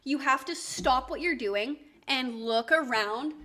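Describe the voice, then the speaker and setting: A woman's voice: high-pitched, unhurried, pushed and bright. A woman streaming and chatting casually, rambling with lots of fillers. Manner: chatty, rambling with many likes and rights.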